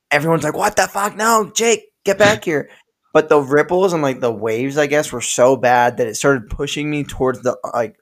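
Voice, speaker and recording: A young man co-hosting a podcast, telling stories in a loose, rambling way, swearing and laughing often. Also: mid-range voice. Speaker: podcast co-host. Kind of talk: casual storytelling chat.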